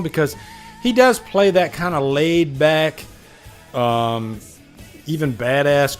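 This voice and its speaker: A man hosting a casual live stream, chatting animatedly about movies he saw and answering viewers. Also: fairly high pitch.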